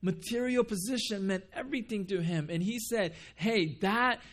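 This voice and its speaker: A man with a high-pitched voice preaches a little fast as pastor in a church building. Earnest, he asks the congregation questions and repeats words for emphasis.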